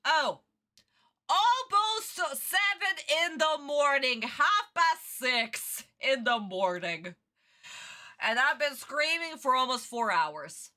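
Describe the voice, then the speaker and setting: A woman streamer giving excitable, foul-mouthed reaction commentary on a cartoon, talking close into her own microphone from bed. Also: high-pitched, takes it slowly. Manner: excitable, swears freely, exaggerated outrage. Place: in bed at home. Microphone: own desk microphone, close.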